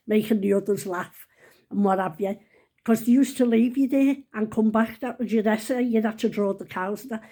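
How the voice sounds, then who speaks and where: A woman's voice: mid-range voice, warm tone. A woman, telling rambling, self-mocking stories about her schooldays in a casual chat. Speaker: vlogger. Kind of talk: casual storytelling.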